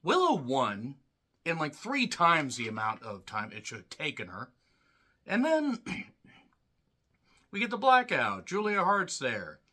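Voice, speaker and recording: A man giving a blunt, profane solo review of a wrestling show, ranting and clearing his throat often. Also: fairly high pitch, huge pitch swings, takes it slowly, pauses often, sharp tone.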